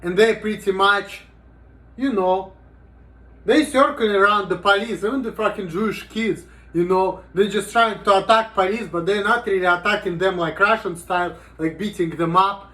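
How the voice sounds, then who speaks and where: A man's voice: high voice, moderate pace, bright, forceful tone. A man talking casually in a rambling, profane vlog monologue, with "you know" in almost every sentence. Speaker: vlogger.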